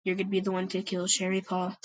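A woman voicing a menacing dark female cat spirit in an amateur story podcast, speaking in a slow, ominous, insistent way. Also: medium pitch, monotone, slight background noise, natural voice, poor audio.

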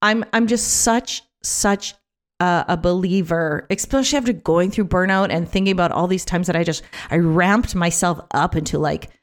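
A woman talking casually on her own podcast, chatty and animated, with many fillers and restarts, sometimes acting out other people's voices. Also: lowish voice, moderate pace. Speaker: podcast host. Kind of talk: casual solo podcast talk.

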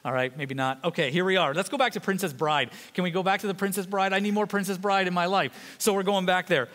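A man pastor preaching a sermon in a fast, conversational way, with joking asides to the congregation. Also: high-pitched, steady tone, a bit bright, in a large hall.

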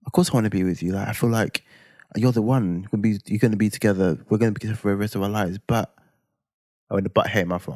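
A man, telling a personal story on a podcast in an animated, dramatic way with slang tags. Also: fairly low pitch, fast, no room sound, studio quality. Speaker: podcast co-host. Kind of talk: casual storytelling chat.

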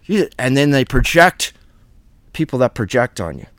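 A man's voice: medium pitch, sing-song, moderate pace, a bit bright, dry recording. A man hosting a Bible study, preaching in a blunt, fiery, plain-spoken way.

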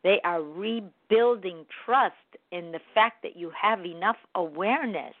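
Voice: mid-range voice, unhurried, no room sound. An earnest speaker in a reflective monologue, explaining step by step how to own a hurt and apologize. The sound is thin and phone-like, with a close, dry feel and no room around it. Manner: earnest, talks through steps of an apology. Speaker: podcast speaker on forgiveness. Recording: tinny phone-like line, dry.

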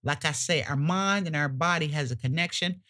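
Woman podcast host preaching in casual slang, gets loud and high-pitched when fired up, cusses a little. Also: moderate pace. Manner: emphatic, preachy, colloquial, with occasional cussing.

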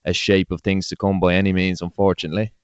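A man's voice: low-pitched, level tone, quick pace, slight background noise. A man with an Irish accent co-hosting a podcast, recounting events in casual chat. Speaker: podcast co-host. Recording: dull lo-fi sound, dry.

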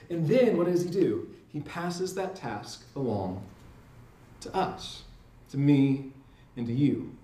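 A man teaching in an earnest, emphatic way, often checking in with a quick "right?". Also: a little high, expressive, mellow. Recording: roomy sound, mic at a distance.

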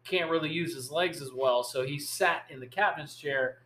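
A man hosting a podcast, telling a long fishing story in an animated, rambling way. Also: on the high side, moderate pace. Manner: animated, rambling storyteller who acts out quotes. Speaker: podcast host. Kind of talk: casual storytelling chat. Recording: echoey room.

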